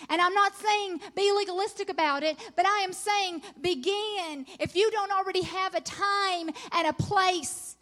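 Preaching to a women's conference, this middle-aged woman speaks in an extremely high pitch. Her sermon is earnest and encouraging, rising to excited emphasis whenever she reads from scripture.

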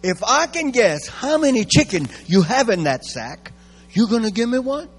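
A man's voice: extremely high pitch, big pitch swings, normal speed, breathy edge, pitched above the performer's own voice, exaggerated voice. A Cajun man voicing an eager, scheming Cajun sidekick who wheedles for a deal. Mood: wheedling.

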